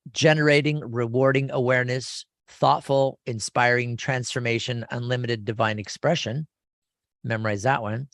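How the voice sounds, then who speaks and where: Gravelly-voiced middle-aged male radio host. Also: mid-range voice, no room sound, clean studio sound. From California. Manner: rambling, enthusiastic, with frequent restarts. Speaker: radio show host and lawyer. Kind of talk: casual radio talk.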